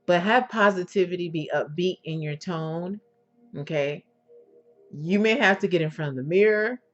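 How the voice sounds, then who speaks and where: A woman giving an instructional talk as an intimacy coach, in a sultry, drawn-out manner, often checking in with "okay?" and using endearments. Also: on the low side. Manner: endearments to the listener. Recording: dull lo-fi recording with faint music.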